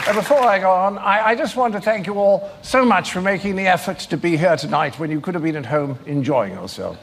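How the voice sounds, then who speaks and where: A man's voice: high-pitched, expressive, fairly quick, noisy background. A man hosting a stage show, introducing the next act in a dry, self-deprecating manner. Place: large theatre stage. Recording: long hall reverb over loud crowd.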